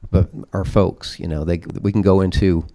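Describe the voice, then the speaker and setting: A man's voice: sits low, steady tone, moderate pace, warm tone. A man speaking at a conference, emphatic and preachy, leaning on vivid metaphors. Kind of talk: open-forum conference talk.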